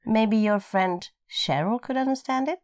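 A woman with a Swedish accent co-hosts a relaxed podcast in English, her first language being Swedish. She ribs her co-host in a playful, teasing way. The sound is close and dry, with no room in it. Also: on the high side, moderate pace, no room sound. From Sweden. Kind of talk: casual podcast chat. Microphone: podcast microphone.

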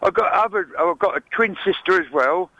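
A man's voice: sits high, animated, brisk, pushed and bright, dry recording, lo-fi sound. A man calling in to a radio phone-in, rambling and repeating himself in nonstandard grammar. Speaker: radio caller. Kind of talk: phone-in call.

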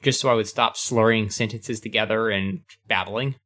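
A man's voice: lowish voice, steady tone, moderate pace, a bit bright. A man co-hosting a podcast in casual chat, wry and joking. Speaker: podcast co-host.

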